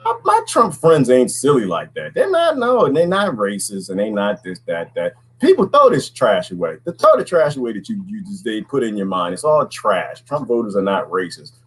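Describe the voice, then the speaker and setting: Middle-aged man, husky, swinging pitch, casual folksy host. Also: moderate pace, few pauses, low-quality recording. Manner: animated, folksy, laughs often, rhetorical questions. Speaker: podcast host. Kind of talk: casual talk to viewers.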